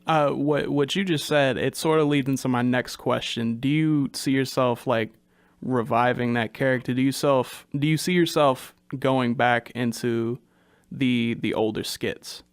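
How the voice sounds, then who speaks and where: Young guy interviewer, gravelly voice, dry sound, kinda laid back. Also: medium pitch, measured pace, no room sound. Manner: relaxed, hedging questions with "sorta" and "like". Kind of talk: casual interview questions.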